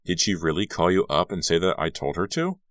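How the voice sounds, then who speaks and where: A man voicing a sharp-tongued, sarcastic teenage girl in an audiobook reading. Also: low-pitched, big pitch swings, brisk, dry recording, clean studio sound. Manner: sarcastic, mock-snooty.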